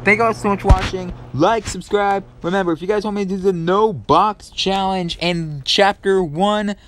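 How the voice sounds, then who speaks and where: A man's voice: high-pitched, steady tone, normal speed, background noise. A young man doing casual gameplay commentary as a gaming YouTuber, rambling and talking to his viewers. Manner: screams in panic during chases, then rambles through the outro.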